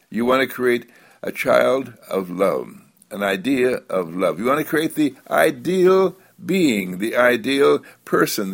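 Male spiritual speaker, gravelly and husky, animated swoops, slow drawn-out emphasis. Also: mid-range voice. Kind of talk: inspirational spiritual talk.

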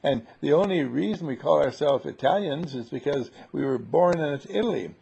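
A man's voice: fairly high pitch, animated, moderate pace, creaky, dark tone, a little hiss or hum. A man leading a casual group conversation, rambling and playful, with many fillers and restarts. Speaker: seminar leader. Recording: dull lo-fi recording.

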